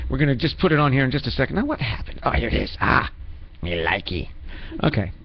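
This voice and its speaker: A man's voice: medium pitch, very animated, quick pace, gravelly, breathy edge, lo-fi sound. A man hosting a radio show in a rambling, self-mocking comedic manner, full of restarts and asides. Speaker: radio host.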